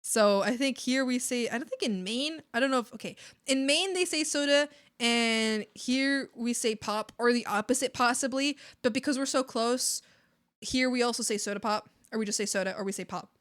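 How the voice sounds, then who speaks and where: Bubbly canadian girl streamer, bright voice a bit high, giggles and rambles. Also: moderate pace, smooth, no room sound, studio quality. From Maritimes, Canada. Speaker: art streamer. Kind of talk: casual live-stream chat.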